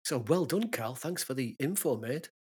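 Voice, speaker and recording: A podcast co-host with a husky voice at a middle pitch. He talks in a chatty, friendly way and laughs easily. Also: expressive, moderate pace, a little mellow. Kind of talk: casual chat.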